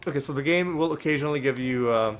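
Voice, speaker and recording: Let's-play host, male, gravel in the voice, loose chatty delivery, faint music bed. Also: mid-range voice, fast. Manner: chatty, laughs often, restarts words. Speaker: gaming channel host. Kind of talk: casual game commentary.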